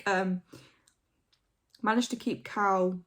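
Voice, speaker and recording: A woman's voice: medium pitch, steady tone, slow pace, fairly bright tone. A young woman hosting a reaction video, thinking aloud in a hesitant, rambling way with many fillers and restarts. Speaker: reaction channel host. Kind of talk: casual reaction commentary.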